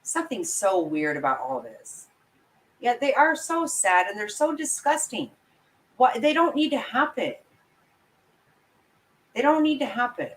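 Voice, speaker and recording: A woman vlogger rants furiously and swears freely in an opinionated live commentary. Her voice sits a little high and swings all over the place. She talks right into a webcam or phone mic. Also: very animated, unhurried, pauses often, fairly bright tone, poor audio. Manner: angry, blunt and profane ranting.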